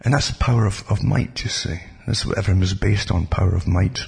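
A man's voice: low-pitched, fast, gravelly, darkish tone, breathy edge. A man giving a rambling, casual talk about history, full of digressions and asides. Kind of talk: casual spoken history monologue.

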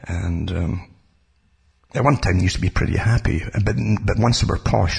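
A man's voice: low voice, moderate pace, vocal fry, slightly rough. A man giving a rambling, casual talk about history, full of digressions and asides. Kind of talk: casual spoken history monologue.

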